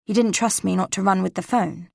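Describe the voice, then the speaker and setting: A woman narrating a cozy mystery audiobook in the first person, with a gravelly edge to her mid-range voice. Her delivery is measured and wry. Close, dry studio sound. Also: medium pitch, steady tone, no echo.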